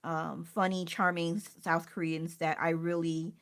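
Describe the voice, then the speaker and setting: Rambling woman with a lowish voice. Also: little pitch movement, a little slow, fairly bright tone. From United States. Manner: chatty, rambling, self-interrupting. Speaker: art streamer. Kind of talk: casual rambling chat.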